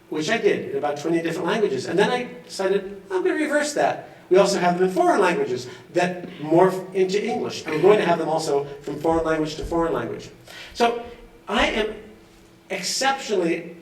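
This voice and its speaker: A high-pitched man talks with bubbly enthusiasm at an event, breaking into laughter now and then. His voice rings through a big echoey hall and comes from some distance, away from the mic. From Los Angeles. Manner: enthusiastic and chatty, often laughing. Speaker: award recipient giving an acceptance speech. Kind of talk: off-the-cuff acceptance speech.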